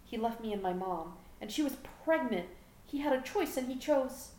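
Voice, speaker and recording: A grieving teenage boy shouts in strained, tearful anger, as a woman reading the story puts him on, his voice pushed up high. It sits in an echoey room with a faint hum behind. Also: lively intonation, normal speed, close to an everyday voice. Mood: anguished anger.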